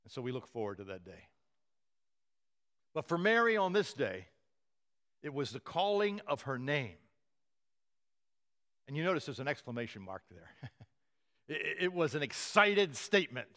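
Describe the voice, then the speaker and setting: A male pastor preaching a sermon, telling the story with animated voices for the quoted lines and frequent chuckles. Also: a little high, moderate pace, pauses often.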